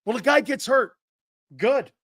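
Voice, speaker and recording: A man hosting a sports talk show, blunt and combative, swearing freely and mocking soft opinions while he answers chat comments. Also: a little high, animated, a little slow, no room sound, studio quality.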